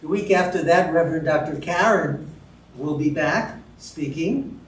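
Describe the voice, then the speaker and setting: A man speaking to a congregation as practitioner at a spiritual center, earnest and unhurried with some fillers, heard from a distance. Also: a little high. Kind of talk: sermon to a congregation. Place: church hall. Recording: roomy distant sound with faint noise.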